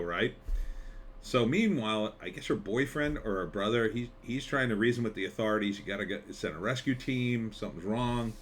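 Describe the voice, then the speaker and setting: A screenwriter giving a rambling, conversational trailer reaction, full of fillers and wry asides. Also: male voice, lowish voice, fairly bright tone, slight background noise. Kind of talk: casual commentary.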